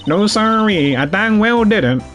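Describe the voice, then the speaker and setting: A man voicing a folksy, nosy Southern woman, reading her game lines slowly in a put-on drawl. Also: high voice, expressive, fairly bright tone, lo-fi sound, soft background music, pitched above the performer's own voice. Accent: put-on American Southern. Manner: drawling, slow, folksy slang.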